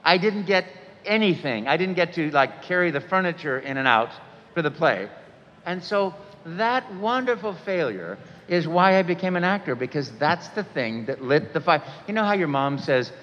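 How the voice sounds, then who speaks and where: A man's voice: fairly high pitch, normal speed, slight background noise. A man in his sixties telling stories to a convention audience, acting out quotes with sudden jumps in voice. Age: 60s. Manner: animated storyteller, acts out quotes with sudden jumps in voice. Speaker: voice actor guest speaker. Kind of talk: storytelling talk to a convention audience. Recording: dull sound with long hall reverb.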